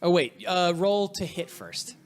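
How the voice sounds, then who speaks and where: A man runs a tabletop game as its game master, his voice rising and falling all over the place. He talks in a chatty, animated way and narrates bloody fights with obvious glee. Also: high voice, measured pace, soft background music.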